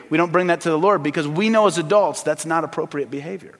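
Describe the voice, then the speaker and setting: A man preaching a sermon as pastor, swinging between loud emphasis and hushed, earnest asides. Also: on the high side, quick pace, few pauses, big-room sound.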